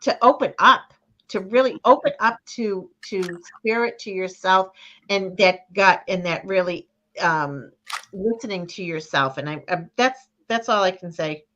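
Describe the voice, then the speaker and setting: A woman's voice: mid-range voice, fairly bright tone. Boston woman on a muffled call. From New England, near Boston. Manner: halting, restarts often, talks of spirit and intuition. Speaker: card reader and co-host. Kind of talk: live card reading chat.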